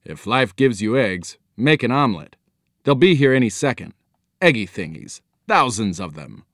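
A man voicing a sharp, brisk father in a storybook reading. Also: lowish voice, animated, gravelly, no echo, studio quality. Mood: curt. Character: sharp, practical middle-aged father.

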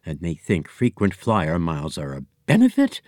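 A man's voice: deep voice, huge pitch swings, moderate pace, darkish tone, no echo, studio quality, voice pushed down. A man voicing a sassy female elephant receptionist who grumbles and complains. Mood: indignant. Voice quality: huffy, complaining.

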